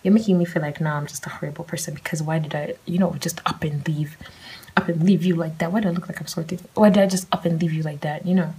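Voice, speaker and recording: A woman's voice: sits low, steady tone, quick pace, mellow, breathy edge, low-quality recording. A young woman hosting a solo podcast, talking candidly and rambling, swearing casually as she shares her thoughts. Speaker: podcast host.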